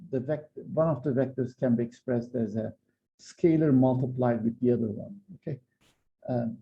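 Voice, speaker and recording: A man gives a university physics lecture in a medium-pitched voice with vocal fry, on a lo-fi recording. He explains step by step but hesitantly, with frequent fillers and restarts.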